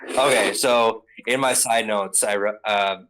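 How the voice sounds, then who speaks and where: A man's voice: on the low side, steady tone, a little slow, fairly bright tone, rough recording. Rambling, casual young man recapping. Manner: rambling, casual, profane, many fillers. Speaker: podcast host.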